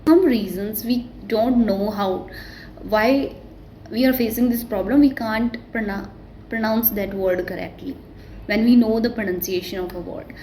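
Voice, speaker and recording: A woman, not a native English speaker, giving a casual self-recorded pronunciation tutorial and talking quickly with many restarts. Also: medium pitch, mellow, slight background noise, low-quality recording. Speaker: vlogger teaching English pronunciation.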